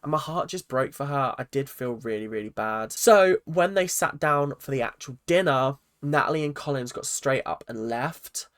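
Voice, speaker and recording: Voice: medium pitch, expressive, normal speed, few pauses, a bit bright, dry recording, clean studio sound. Blunt, opinionated vlogger ranting. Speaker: reaction vlogger. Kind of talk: ranting reality-TV commentary.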